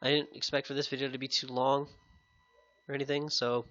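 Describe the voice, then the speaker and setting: A man talking through a competitive game match in a casual, chatty way, his voice bright and a little sick-sounding. It comes through a headset mic with a dull, lo-fi sound. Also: mid-range voice, flat delivery, brisk. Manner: casual, upbeat, chatty with viewers. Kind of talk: casual gameplay commentary.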